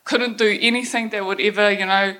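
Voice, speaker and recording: Young NZ woman, stage talk, blunt and profane, mid pitch, laughs through the story. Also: steady tone, fairly quick, bright, forceful tone. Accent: New Zealand. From New Zealand. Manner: blunt, swears freely, laughs while telling. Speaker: speaker telling her life story. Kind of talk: candid personal story talk. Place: event stage.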